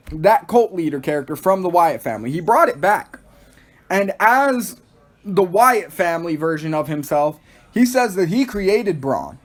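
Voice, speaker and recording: Hosting a solo podcast review, a young Texan man talks in a high voice. He's excitable and rambling, sprinkling "like" throughout.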